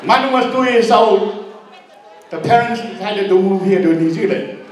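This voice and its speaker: Uncle telling jokey stories. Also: male voice, moderate pace, slight background noise. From Tonga. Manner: joking, teasing, with sudden high swoops in pitch. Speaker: uncle giving a birthday speech. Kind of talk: humorous family storytelling speech. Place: party hall. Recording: very echoey hall, distant mic.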